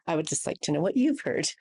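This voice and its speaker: A woman's voice: low voice, a little mellow, breathy edge. A woman host leading a live Q&A, talking in a conversational, reflective way. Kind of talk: hosting a live Q&A.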